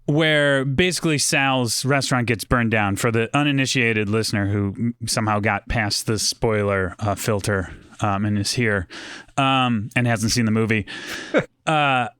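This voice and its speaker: A man's voice: medium pitch, a little slow, a bit bright, clear, resonant tone, no echo, studio quality. A man talking casually about a film, rambling with lots of fillers and restarts. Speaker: podcast guest. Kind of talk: casual movie discussion.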